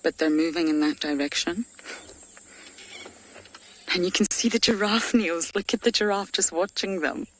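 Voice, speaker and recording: A woman safari guide giving live game-drive commentary from an open vehicle, chatty, laughing often, at times hushed to a whisper. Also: fairly low pitch, normal speed, long pauses. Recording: engine and outdoor ambient noise.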